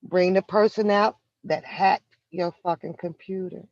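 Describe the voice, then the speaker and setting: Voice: medium pitch, steady tone, darkish tone, no echo. Profane confrontational vlogger ranting in a vehicle. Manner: profane and confrontational, drawn-out emphasis. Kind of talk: heated commentary rant. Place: inside a vehicle. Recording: dull, lo-fi and dry.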